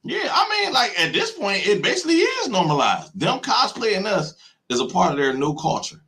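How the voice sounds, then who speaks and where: A man hosting a casual chat, speaking bluntly and with profanity, dropping low and quiet for serious points. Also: big pitch swings, normal speed, rough recording. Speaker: host.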